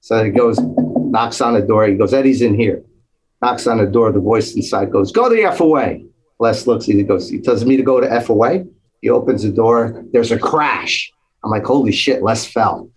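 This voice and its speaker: A man's voice: on the low side, steady tone, moderate pace, darkish tone, breathy edge, low-quality recording. A man telling a long story in casual chat, acting out the voices of the people in it. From New Jersey. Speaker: guest storyteller.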